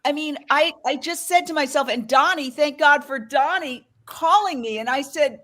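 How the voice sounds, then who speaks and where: A woman's voice: sits high, normal speed, few pauses, bright, forceful tone. A middle-aged woman hosting a live fundraising stream, effusive and openly emotional as she thanks donors. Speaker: host.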